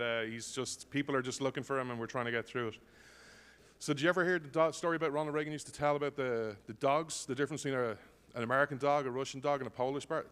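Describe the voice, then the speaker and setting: A man's voice: mid-range voice, fairly bright tone, clear, resonant tone. A man emceeing on stage, apologizing for a delay and filling the time with jokes in a chatty way. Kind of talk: joke-telling stage banter. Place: large conference hall. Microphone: stage microphone. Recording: long hall reverb.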